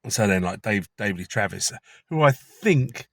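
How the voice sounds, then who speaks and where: Man, low voice, dry close sound, chatty conspiratorial car vlog rant. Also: expressive, unhurried, dry recording. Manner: chatty, conspiratorial, swears casually. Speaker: vlogger. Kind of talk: rambling opinion monologue.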